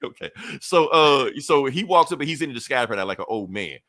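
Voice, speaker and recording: A man's voice: medium pitch, animated, brisk, bright, forceful tone, dry recording. A man casually retelling a comic book story on a podcast, acting out the characters' lines and laughing often. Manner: loose storytelling, acts out quotes, laughs often. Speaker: podcast co-host.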